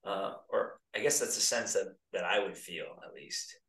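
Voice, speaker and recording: With a deep but slightly bright voice at a moderate pace, a US-born former pro soccer player in his thirties chats as a guest. The interview is casual, and he drifts along in a laid-back, rambling style, recorded roomy from a distant mic.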